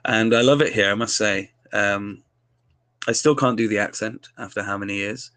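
A man's voice: lowish voice, moderate pace, pushed and bright, no room sound. Jovial young man hosting a chat. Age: young adult. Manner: jovial, self-deprecating anecdotes. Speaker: podcast host. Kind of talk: casual interview chat.

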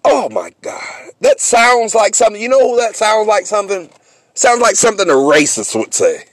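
A man hosting a sports podcast, ranting comically and mockingly, swinging between loud outbursts and low asides. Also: sing-song, moderate pace, no room sound. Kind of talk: comedic sports rant.

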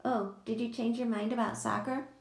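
A woman's voice: a little high, steady tone, moderate pace, creaky, voice pushed up. A blunt, food-loving young boy who speaks his mind. His voice is slightly raised with a bit of grit, as a woman reading a storybook puts him on. The room echoes around him.

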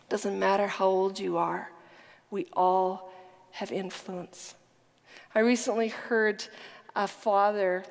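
Woman preacher, earnest and emphatic sermon delivery, occasional whispers, long hall reverb. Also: mid-range voice. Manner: earnest, emphatic storytelling, dropping to a whisper at times.

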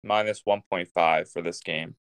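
A man's voice: low-pitched, steady tone, normal speed, fairly bright tone, smooth, dry recording. A man co-hosting a casual sports podcast, giving blunt, decisive predictions. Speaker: podcast co-host.

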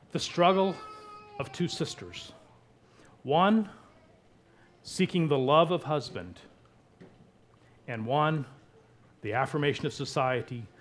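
A man preaching a sermon, emphatic, with wide swings between soft and loud. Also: medium pitch. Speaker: pastor.

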